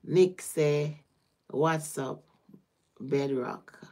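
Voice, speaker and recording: Speaking in a deep, dark voice and drawing out her words, a Caribbean-accented tarot reader chats through a casual livestream reading. She laughs a lot and wanders from topic to topic.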